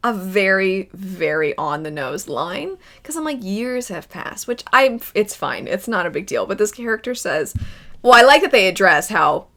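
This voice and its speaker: Bright-voiced, chatty woman vlogger. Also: mid-range voice, normal speed. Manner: chatty, animated, slips into character voices. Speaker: anime reaction vlogger. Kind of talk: casual reaction commentary.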